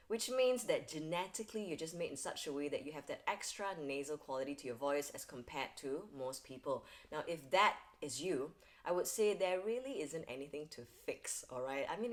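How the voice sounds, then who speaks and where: A young woman vocal coach giving an upbeat, clear singing lesson to camera. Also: low-pitched.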